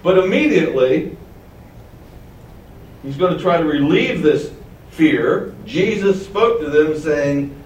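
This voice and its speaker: Conversational preacher in a roomy hall. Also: male voice, on the high side, lively intonation, slow pace, long pauses, a little mellow, slight background noise. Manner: conversational, chuckling asides. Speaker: preacher teaching the Bible. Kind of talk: sermon, Bible teaching. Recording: roomy and distant, faint ambience.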